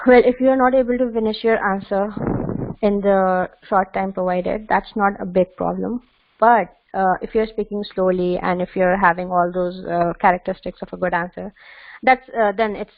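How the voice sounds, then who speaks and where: A woman's voice: mid-range voice, no room sound. A woman presents tips in an online webinar, hesitating often with fillers and restarting her phrases. Her voice sits mid-range. It comes through a thin, phone-like video call line with no room sound. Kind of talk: instructional webinar talk. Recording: tinny phone-like call audio.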